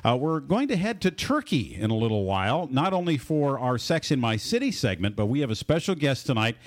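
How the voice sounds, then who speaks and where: A man's voice: mid-range voice, big pitch swings, fairly quick. A man hosting a radio talk show, giving upbeat announcer patter about the program and its guests. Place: radio studio.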